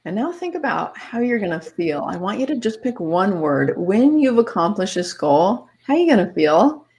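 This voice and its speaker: A woman hosting a podcast, calmly guiding listeners step by step through a visualization exercise. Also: mid-range voice, moderate pace. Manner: calm, step-by-step coaching with light laughs. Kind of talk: guided visualization instructions.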